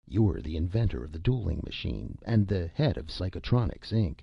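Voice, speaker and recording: A man's voice: sits low, big pitch swings, normal speed, gravelly, slightly rough, dry recording, exaggerated voice. A man voicing a blunt, matter-of-fact male university president in an audiobook. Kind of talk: scripted audiobook narration. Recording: dull lo-fi recording.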